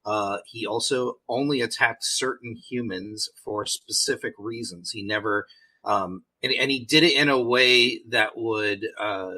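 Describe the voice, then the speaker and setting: A man's voice: mid-range voice, measured pace, bright, forceful tone, low-quality recording. A man co-hosting a podcast, talking hesitantly with many fillers. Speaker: podcast co-host. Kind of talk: casual discussion.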